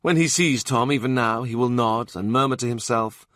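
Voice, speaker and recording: A man's voice: mid-range voice, normal speed, few pauses, a bit bright, no echo, studio quality. A man narrating a historical novel audiobook in a vivid, dramatic reading. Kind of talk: scripted narration.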